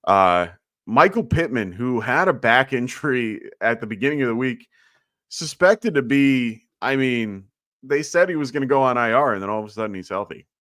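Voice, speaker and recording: A medium-pitched, animated man with a slight lisp hosts a casual live fantasy football Q&A at normal speed, his voice a bit bright. He's loose and chatty with many fillers, clearly low on sleep. Sound is studio quality with no room sound.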